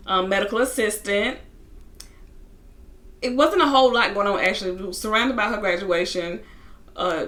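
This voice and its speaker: Bright-voiced woman recapping reality TV. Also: a little high. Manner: chatty storytelling, lots of "like" and asides. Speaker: TV reality show reviewer. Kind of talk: casual recap vlog.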